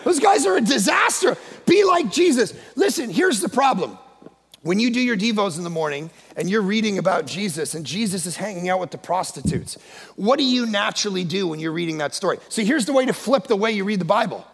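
A male guest pastor preaching a sermon in a church, emphatic and often shouting. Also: high-pitched, expressive, quick pace, gravelly, slightly rough. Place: church sanctuary. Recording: long echo of a large church hall.

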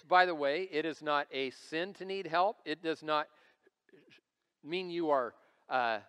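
His voice sits fairly high, with a fairly bright, clear, resonant tone. This man in his forties is preaching as lead pastor, recorded live in a church sanctuary with hall reverb, and he keeps it conversational, full of stories and humor at his own expense.

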